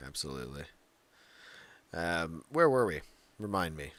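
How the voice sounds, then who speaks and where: A man's voice: low voice, sing-song, unhurried, fairly bright tone, no echo. A man co-hosting a wrestling podcast, chatting casually and telling rambling, jokey stories. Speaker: podcast co-host. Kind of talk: casual chat.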